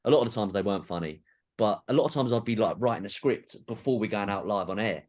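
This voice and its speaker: A man's voice: fairly low pitch, fast, darkish tone. A man in his thirties with a Geordie accent, a podcast guest telling rambling, self-deprecating anecdotes in casual chat.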